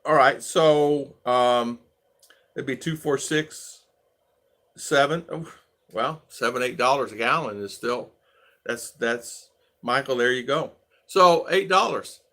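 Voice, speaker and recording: A man's voice: mid-range voice, slow, a bit bright. A man from the United States hosting a casual livestream, thinking aloud and greeting viewers by name as he goes. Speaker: vlogger host.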